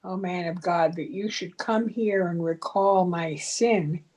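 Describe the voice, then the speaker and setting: A participant in a study class reads scripture aloud, slow and deliberate. The voice sits at a middle pitch and comes over a video call. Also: steady tone, darkish tone. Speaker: class participant reading verses.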